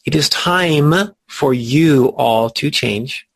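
Gravelly-voiced male study teacher, earnest, stretches key words, husky tone. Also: mid-range voice, extremely slow.

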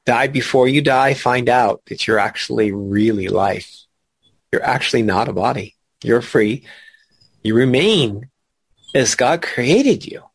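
A man leading a spiritual study class, explaining ideas in an animated way, laughing and asking questions. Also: medium pitch, slightly rough, no echo. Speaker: spiritual teacher.

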